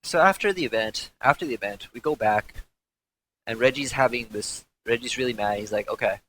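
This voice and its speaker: A man's voice: medium pitch, fairly quick, a bit bright, a little hiss or hum, rough recording. A young man, a former pro gamer, recounting events in a candid interview, rambling and profane with frequent restarts.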